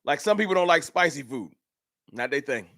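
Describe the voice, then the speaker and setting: Man, casual livestream chat, slightly high voice, dry close sound. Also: a little fast, dry recording. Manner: animated, talks straight to chat viewers. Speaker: livestream host. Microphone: camera mic.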